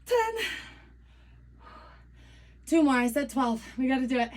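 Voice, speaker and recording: A woman with a high voice coaches a workout while doing it herself. She counts reps aloud between panting breaths and keeps things upbeat with little jokes. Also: big pitch swings, measured pace, a little mellow. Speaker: fitness coach. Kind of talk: workout instruction while exercising.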